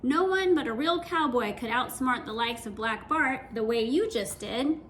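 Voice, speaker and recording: Woman voicing a hearty cowboy man, folksy drawl, cheerful, high lively voice. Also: normal speed, background noise, close to an everyday voice. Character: hearty friendly male cowboy leader.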